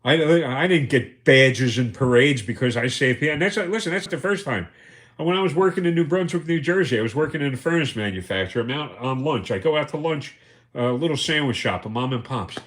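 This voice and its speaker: A man's voice: mid-range voice, a little fast, a bit bright. A man hosting a livestream, telling rambling, profane anecdotes and chuckling as he goes. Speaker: livestream host. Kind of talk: casual storytelling.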